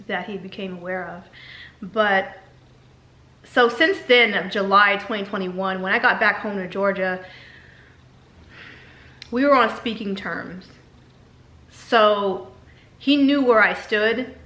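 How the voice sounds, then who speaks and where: A vlogger, a woman, candidly tells a personal story, getting emotional and repeating herself as she goes. Her medium-pitched voice is pushed and bright, recorded in an echoey room.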